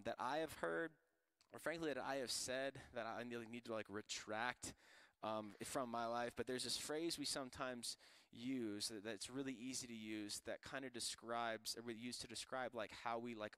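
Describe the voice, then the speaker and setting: A man's voice: medium pitch, steady tone, normal speed, a bit bright, clear, resonant tone, no echo. A man from Florida preaching a sermon in a casual, joking way full of slang. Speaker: pastor.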